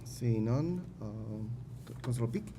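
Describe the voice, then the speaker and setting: A man serving as council president, chairing the meeting in a brisk, procedural way. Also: medium pitch, animated, background noise. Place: city council chamber.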